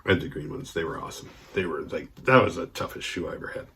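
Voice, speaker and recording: A man hosting a horror movie channel, telling a rambling, profane story casually and getting animated when he quotes others. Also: sits low, fast, a little hiss or hum. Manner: rambling, profane, restarts mid-sentence. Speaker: horror movie review host.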